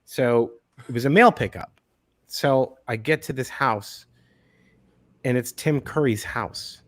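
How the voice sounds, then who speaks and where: A man in his forties, an actor guest telling stories in a relaxed interview, often repeating words as he starts a thought. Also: mid-range voice, slow. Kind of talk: casual interview chat.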